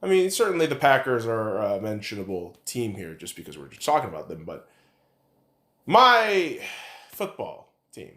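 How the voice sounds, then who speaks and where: A man's voice: on the low side, wildly swooping pitch, moderate pace, a bit bright. A man hosting a podcast, giving a casual sports opinion rant in a blunt, profane and rambling way. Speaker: podcast host.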